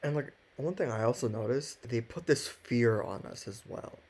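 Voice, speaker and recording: A man's voice: medium pitch, moderate pace, a little mellow, breathy edge. A young man co-hosting a podcast, telling stories in a loose, filler-heavy way. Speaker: podcast co-host. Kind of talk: casual podcast chat.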